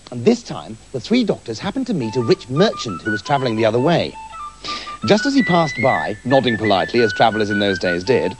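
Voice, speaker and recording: A man narrating a comic storybook tale in an animated, giggly manner. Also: medium pitch.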